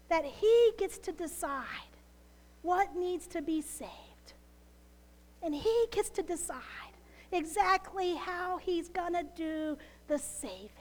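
Woman pastor, very high voice, measured unhurried sermon delivery, acts out prayers, sinks to whispers; church hall reverb. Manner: animated, acting out quoted prayers, dropping to hushed whispers. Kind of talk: Palm Sunday sermon.

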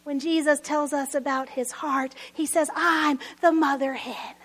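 A woman with a very high voice preaches an earnest sermon. She pleads with her listeners, swelling louder on her appeals and sinking to a near-whisper on tender lines. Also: steady tone, fairly quick, hardly any pauses.

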